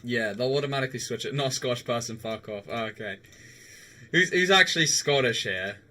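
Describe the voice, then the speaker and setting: A man's voice: mid-range voice, fairly quick, pushed and bright. A young man chatting casually with viewers on a live game stream, laughing often and swearing now and then.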